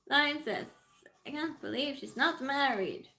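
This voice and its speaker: On her laid-back stream, a woman with a high, bright, forceful voice talks slowly, giggling while she greets people and reads their comments out loud. The recording is rough.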